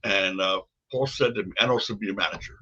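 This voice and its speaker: Speaking fast in a fairly low, sharp, slightly rough voice, an older ex-wrestling promoter guests on a podcast and rambles through stories from years ago, frequently starting over. The recording sounds dull and lo-fi.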